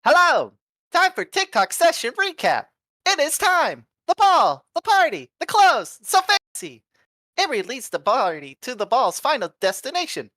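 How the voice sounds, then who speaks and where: A cheerful, naive robot from a tabletop game, full of bouncy exclamations and oddly formal words, as a woman puts it on. Its pitch leaps all over the place, and the sound is dry and close. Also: moderate pace, dry recording, heavily acted. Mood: excited. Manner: bouncy, excitable exclamations, stiff formal phrasing. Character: cheerful naive robot party member, metal frame. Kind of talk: in-character session recap.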